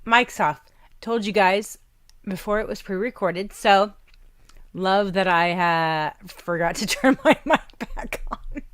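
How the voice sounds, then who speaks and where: A woman with a Southern American accent hosting a radio show, chatting warmly and gushing about the music with frequent laughs. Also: medium pitch, slow, clean tone, no room sound. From Southern United States. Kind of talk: casual radio show chat.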